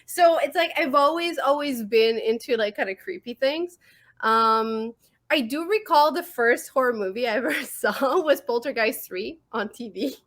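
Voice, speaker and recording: A woman with a French accent, co-hosting a podcast in casual chat, animated and giggly with quick asides, on a remote call mic. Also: fairly high pitch. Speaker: podcast co-host.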